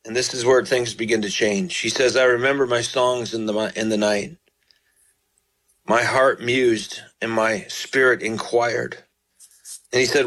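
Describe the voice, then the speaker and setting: A middle-aged man preaching on a radio broadcast, with a mid-pitched voice. He talks earnestly and pastorally, straight to his listeners. He reads scripture slowly and prays fervently. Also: fairly bright tone, poor audio. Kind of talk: broadcast sermon with scripture reading and prayer.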